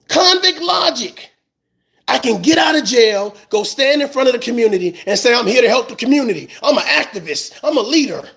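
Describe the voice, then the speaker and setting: A commentator launches into an impassioned, fired-up, profane rant, repeating words as he gets heated. His voice is very high-pitched and a bit bright.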